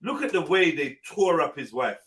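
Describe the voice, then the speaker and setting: A man hosting a live open panel, blunt and animated, swearing freely and acting out what people say. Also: a little high, moderate pace, distant mic. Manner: blunt, animated, swears often, acts out quotes. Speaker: host of a live open panel talk show. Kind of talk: casual panel discussion.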